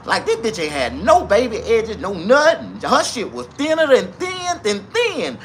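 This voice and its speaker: A man's voice: high-pitched, huge pitch swings, a little slow, few pauses, a bit bright, slight background noise. A man in his forties telling a crude, rambling comic story who often laughs at his own punchlines. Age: 40s.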